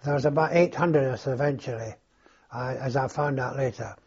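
An older man being interviewed, telling his own story in a halting, reflective way, on a dull lo-fi recording. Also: mid-range voice, darkish tone, slightly rough. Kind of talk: oral history recollection.

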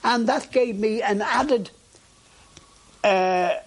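An older man with a husky voice, recounting his experiences in a recorded interview with frequent hesitations. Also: high voice, extremely slow. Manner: animated storytelling with frequent hesitations. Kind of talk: oral history recollection.

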